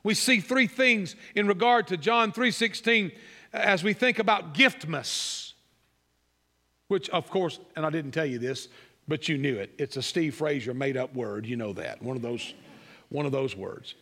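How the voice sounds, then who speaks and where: Man, sermon, emphatic rising repeats, soft low asides, long church-hall echo. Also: lively intonation, a little slow. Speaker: pastor.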